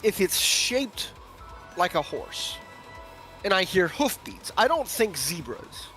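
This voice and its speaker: A man's voice: high voice, sing-song, slow, bright, forceful tone, soft background music. A man chatting casually on a stream with a friend, wry, laid-back and profane. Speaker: co-host friend. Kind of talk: casual livestream chat.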